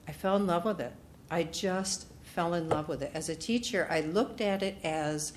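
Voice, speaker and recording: A woman speaker at a retreat, telling a personal story in an animated way and acting out what others said. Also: fairly low pitch, normal speed, a little hiss or hum. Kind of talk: personal testimony talk. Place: retreat meeting room.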